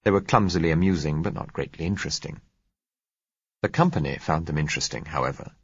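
A man narrating an audiobook in a measured, reflective way. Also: very deep voice, husky, no room sound. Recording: muffled lo-fi recording.

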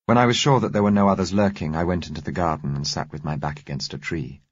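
A man narrating an audiobook in a measured, even storytelling manner. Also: low voice, husky, no room sound. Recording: dull, muffled recording.

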